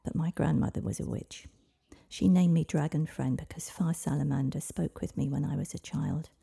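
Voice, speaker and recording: A woman voicing an earnest, brave young woman who speaks softly and often in a whisper, in a husky storybook reading. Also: low voice, fairly even intonation, moderate pace, heavily acted. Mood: pleading.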